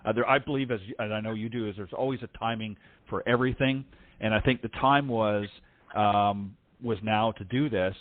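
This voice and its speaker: Golf show host, lowish voice, halting questions full of ums, phone-line sound. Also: male voice, steady tone. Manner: halting, filler-heavy questions. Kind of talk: interviewing a guest.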